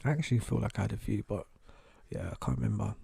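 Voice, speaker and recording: A man's voice: lowish voice, quick pace, creaky, slightly rough, no room sound, clean studio sound. Chatty man, loose and profane. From England. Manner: animated, swears freely, acts out voices of other people. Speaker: podcast co-host. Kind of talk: casual chat. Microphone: podcast studio mic.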